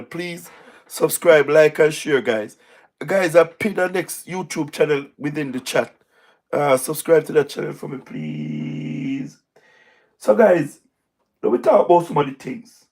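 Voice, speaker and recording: Hoarse gravelly Jamaican man. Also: on the high side, a little slow, darkish tone. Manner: repetitive, emphatic, speaks in patois. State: hoarse, voice wearing out. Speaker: livestream host. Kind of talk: live-stream political commentary.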